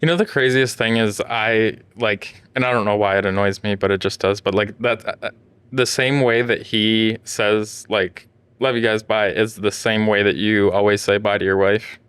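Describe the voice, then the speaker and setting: A man's voice: lowish voice, steady tone, moderate pace, fairly bright tone, clear, resonant tone, no echo. A man co-hosting a podcast, talking things over in laid-back casual banter. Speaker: podcast co-host.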